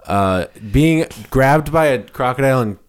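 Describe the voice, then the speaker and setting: A man's voice: mid-range voice, expressive, a little slow, clean tone. A man co-hosting a comedic podcast, rambling through tangents with frequent restarts and laughter. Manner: rambling, self-interrupting, laughs often. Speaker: podcast co-host. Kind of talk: casual comedic chat.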